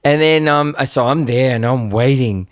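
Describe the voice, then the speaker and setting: Over his live-stream mic, this man spins a story in an easygoing, animated way, full of restarts and the odd curse word. He speaks at a normal speed in a mid-range voice, with no room sound from the studio.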